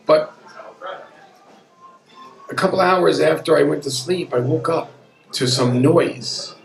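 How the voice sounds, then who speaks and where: Gravelly man telling a story in an echoey pub. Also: on the high side, takes it slowly, long pauses. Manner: earnest, conversational, wry. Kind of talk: live personal storytelling. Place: pub room at a live storytelling event. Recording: echoey pub room with an audience. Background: audience murmur.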